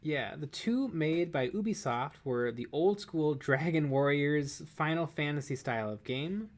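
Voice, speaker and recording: A man's voice: fairly high pitch, animated, unhurried. A man co-hosting a painting livestream, chatting casually and thinking aloud as he paints. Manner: chatty, musing aloud while painting, joking. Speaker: co-host of a painting stream. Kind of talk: casual chat while painting miniatures.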